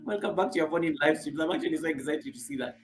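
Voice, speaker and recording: A woman's voice: deep voice, rapid-fire, faint music behind. Chatty Kenyan woman hosting a live stream. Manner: chatty, laughs often, repeats phrases. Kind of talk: casual live stream chat, reading viewer comments.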